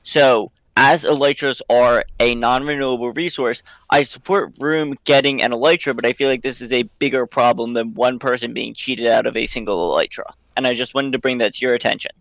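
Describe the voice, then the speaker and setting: Polite player in voice chat, calm mid-pitched man making a careful point. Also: a little fast, few pauses, dry recording, low-quality recording. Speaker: server player speaking up. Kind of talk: casual voice chat.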